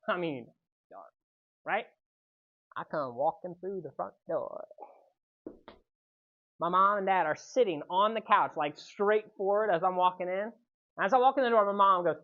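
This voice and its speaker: A man giving a youth sermon, telling a personal story with lively energy and often checking in with the audience. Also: high-pitched, muffled recording. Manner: animated storytelling, keeps checking in with "right?". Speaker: youth speaker.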